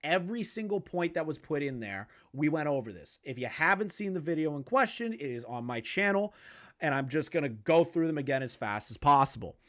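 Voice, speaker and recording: A man's voice: a little high, sing-song, a little fast, fairly bright tone. A man on a live stream, commenting heatedly on online drama, swearing and repeating his points for emphasis. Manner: heated, profane and repetitive, hammering points home; reads messages aloud and comments on them.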